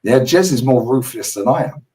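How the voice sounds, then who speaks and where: A London man with a mid-range voice, hosting a football chat stream. He tells stories in quick, animated slang and swears freely. He sounds set back from the mic. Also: mid-range voice, distant mic, low-quality recording. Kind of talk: casual chat.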